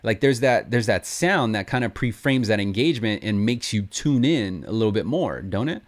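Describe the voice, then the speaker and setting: Sales coach, male, slightly low voice, lively and conversational, demos call openers. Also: normal speed. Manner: animated, acts out sample sales calls. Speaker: sales trainer. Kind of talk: casual coaching talk.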